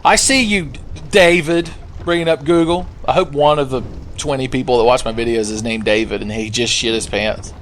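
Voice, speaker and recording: In this casual let's play commentary, a young gaming video host speaks at medium pitch and a moderate pace, with slight hiss or hum present. He's joking and sarcastic about his game, occasionally launching into silly singing.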